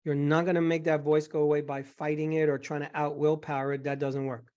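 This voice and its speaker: A man with a slightly raised voice coaches a guest through a session. He talks gently and reassuringly, walking through one example after another. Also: fairly high pitch, level tone, fairly quick, lo-fi sound. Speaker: host and eating psychology coach.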